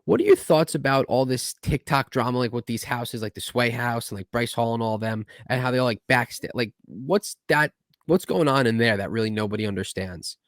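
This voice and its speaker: A man's voice: mid-range voice, fairly quick, no room sound, studio quality. A young man hosting a casual podcast, talking eagerly and retelling his conversations at length. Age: young adult. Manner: eager, rambling, retells talks with "I go". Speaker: podcast host. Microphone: video call.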